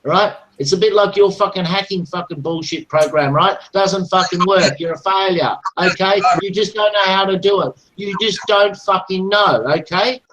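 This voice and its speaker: A man's voice: high voice, steady tone, normal speed, few pauses, fairly bright tone, slight background noise, low-quality recording. A man in a heated online voice chat, taunting and swearing aggressively. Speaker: chat room participant.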